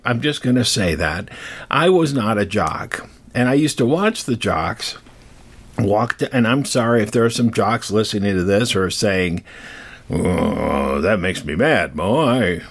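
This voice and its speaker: An older man telling a myth in a casual, rambling way, often wandering into asides. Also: lowish voice. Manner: rambling, digressive, animated. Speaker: storyteller. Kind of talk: casual storytelling.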